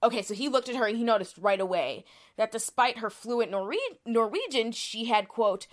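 Presenting research as a podcast co-host, a woman with a fairly high voice explains a topic at a moderate pace in a relaxed, conversational way. She's chatty, leaning heavily on "like" and frequently restarting her sentences.

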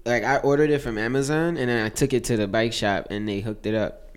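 A man joining a casual podcast chat, relaxed and offhand. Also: mid-range voice, a little fast.

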